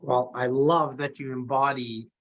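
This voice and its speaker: A man's voice: medium pitch, steady tone, measured pace, fairly bright tone. Friendly joking male podcast host. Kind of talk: podcast interview. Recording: dull lo-fi sound, dry.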